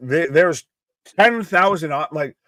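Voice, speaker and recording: A man's voice: fairly high pitch, expressive, a little slow, a bit bright, no room sound, studio quality. A man co-hosting a live wrestling fan stream, arguing bluntly and swearing freely in casual banter. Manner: blunt, profane, argumentative.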